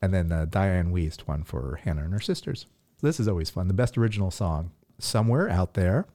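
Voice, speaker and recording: A man's voice: low-pitched, expressive, fairly quick, dark tone. A man co-hosting a podcast, teasing and quizzing his partner in casual chat. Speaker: podcast co-host.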